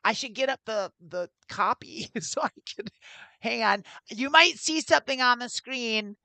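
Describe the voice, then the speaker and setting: A woman co-hosting a podcast in casual chat, rambling and laughing often, with a gravelly voice. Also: a little high, animated, normal speed, sharp tone, dry recording. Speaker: podcast co-host.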